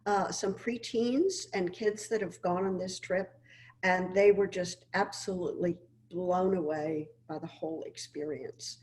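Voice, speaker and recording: A woman's voice: on the low side, steady tone, unhurried, a little mellow. An older woman presenting as a cruise line guest, chatting in an upbeat, enthusiastic way over a video call. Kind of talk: casual virtual chat.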